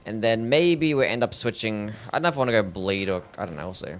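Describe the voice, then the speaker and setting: A man's voice: lowish voice, fast talker, slight background noise. Laid-back Australian man streaming games. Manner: relaxed, mumbly, answers chat questions, trails off with "I don't know". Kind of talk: casual gaming stream chat.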